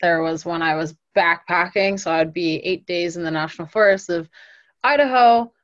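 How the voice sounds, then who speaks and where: A woman with a lowish voice tells long, rambling stories with lots of "like" and occasional laughter. She is a guest in a casual interview. The sound is dry and somewhat dull, like a lo-fi recording. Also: moderate pace, no echo. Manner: animated, laughing, rambling storytelling.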